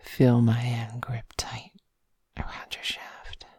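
Give me a very low-voiced, husky woman teasing and commanding in a whispered role-play. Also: completely flat delivery, slow pace, a little mellow, no echo, clean studio sound. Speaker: audio role-play performer.

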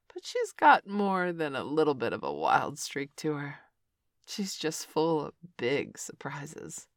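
A young woman in an adult audio role-play, talking in a teasing, bossy way with sighs and soft murmurs. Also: lowish voice, no room sound, clean studio sound.

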